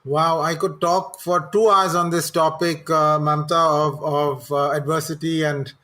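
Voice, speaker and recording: A man's voice: on the high side, little pitch movement, measured pace, bright, forceful tone. A middle-aged man, a guest telling candid, self-deprecating personal anecdotes. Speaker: guest, communications executive and coach.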